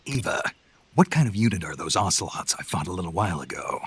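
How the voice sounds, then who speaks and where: A terse hardened soldier. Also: male voice, sits low, very animated, quick pace, slight background noise. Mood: dry. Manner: terse, dry questions.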